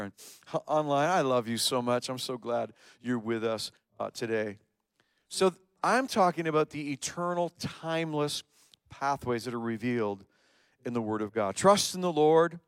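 A man preaching a sermon in church, animated, often dropping to a soft, intimate voice. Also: on the high side, no echo. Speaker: pastor.

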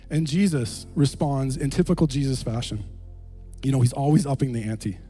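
A man's voice: medium pitch, moderate pace, mellow, soft background music. A man preaching a sermon to a congregation in a conversational way, full of "you know" and "um" and brief chuckles. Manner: chuckles between points. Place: room with a gathered congregation.

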